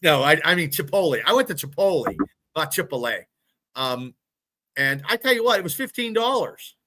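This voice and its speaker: A man in his fifties swears his way through a rambling story on a casual sports podcast. His voice sits high and sounds bright and sharp, and he talks loosely, piling up restarts. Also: expressive, brisk. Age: 50s. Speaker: podcast co-host.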